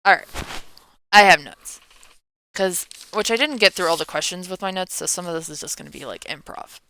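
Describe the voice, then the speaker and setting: A woman's voice: fairly low pitch, a little fast, pushed and bright, a little hiss or hum. A tired millennial woman in her thirties, rambling through a casual Q&A vlog, often trailing off and yawning. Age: 30s. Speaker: meme creator.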